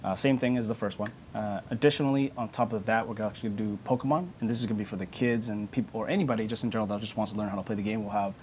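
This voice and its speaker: Quick, filler-heavy male guest. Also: lowish voice, fairly even intonation, a little mellow, a little hiss or hum. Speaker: game store representative. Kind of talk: studio interview.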